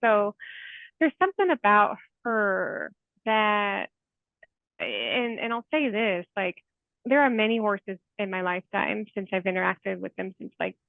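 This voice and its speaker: A woman's voice: medium pitch, animated, measured pace, gravelly, dry recording. 40-something woman, therapist guest, earnest and chatty, lots of "like", tinny phone-ish audio. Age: 40s. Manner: earnest, heartfelt, many "like" fillers. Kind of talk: conversational interview storytelling.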